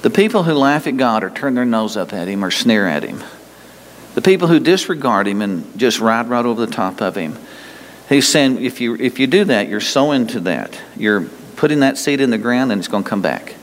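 A male pastor with a mid-range voice and lively intonation preaches a sermon with folksy emphasis, drawing out key phrases slowly and circling back to repeat them. A long reverb tail makes him ring out as if in a large hall, and there is a little hiss or hum.

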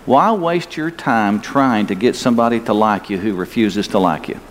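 A man's voice: on the low side, moderate pace, slight background noise. An older male pastor preaching a sermon in a folksy, emphatic way, his voice rising on key points. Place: church sanctuary. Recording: long hall reverb, faint ambience.

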